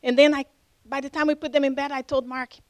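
A middle-aged woman with a non-native English accent, giving an animated testimony and acting out the conversations in her story. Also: quick pace, no room sound, poor audio. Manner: animated, acts out dialogue with lively pitch jumps. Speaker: church member giving a testimony.

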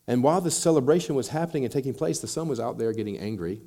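A man's voice: medium pitch, animated, very fast, warm tone. A man preaching a sermon, acting out quoted voices and building in intensity as he makes his points. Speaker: pastor.

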